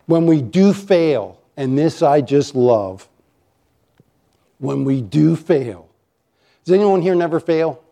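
A pastor preaching a sermon to his congregation. His voice sits fairly high for a man but has a mellow, warm tone. His delivery is emphatic, and he stretches out the key lines. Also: animated, gravelly. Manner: emphatic, varies pace, slows for key lines, rises when acting out accusations. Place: church sanctuary with a congregation.

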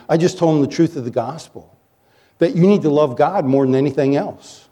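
Lively male pastor with a mellow voice. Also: a little high, a little fast. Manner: animated, jokey storyteller who coaches the audience. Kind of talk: sermon with storytelling.

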